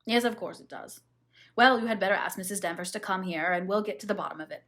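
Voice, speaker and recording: Woman reading brusque impatient husband, curt and brisk, storybook reading, mid-pitched. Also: fairly bright tone, close to an everyday voice.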